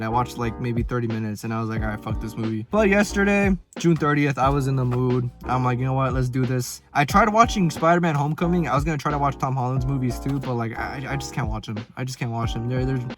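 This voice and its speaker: A man's voice: medium pitch, fairly bright tone. A young adult man ranting casually about movies, swearing a lot and using heavy slang. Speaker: film vlogger. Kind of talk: casual film ranking rant. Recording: background music under the voice.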